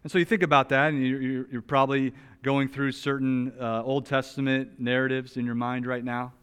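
A man preaching an expository sermon. He talks in an animated, emphatic way, rises loudly on some points, and drops to a soft, slow voice on others. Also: medium pitch, smooth. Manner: animated, emphatic, with wide swings in loudness. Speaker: pastor.

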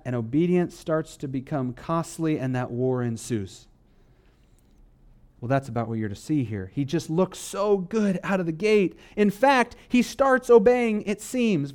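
A male pastor delivering a sermon in a slightly raised voice. He presses hard on key phrases, then drops low and quiet to draw the listener in. Scripture he reads slowly, stressing single words. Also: smooth. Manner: swings from loud emphatic lines to low, quiet asides.

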